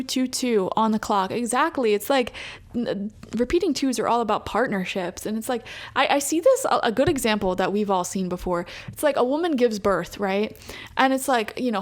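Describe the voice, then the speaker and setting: A young woman giving a pick-a-card tarot reading to viewers, chatty and emphatic, getting worked up as she talks. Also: on the high side. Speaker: tarot reader.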